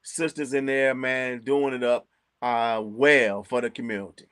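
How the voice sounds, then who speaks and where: A man with a Chicago accent chatting casually as co-host, animated, repeating words and laughing often. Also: medium pitch, a little slow, clean tone, dry recording, studio quality. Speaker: co-host recommending local restaurants. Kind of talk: casual chat.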